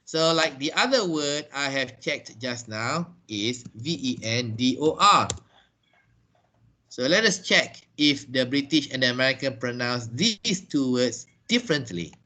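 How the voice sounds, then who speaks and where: A man teaching English pronunciation in an online lesson, talking slowly and deliberately and repeating words. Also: medium pitch, lively intonation, sharp tone.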